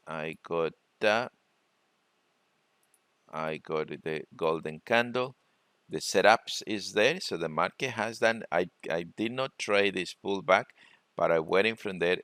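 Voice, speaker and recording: A man presenting a trading webinar, talking through charts in a halting way and often repeating words. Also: sits low, a bit bright, clear, resonant tone, dry recording. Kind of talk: screen-share trading lesson.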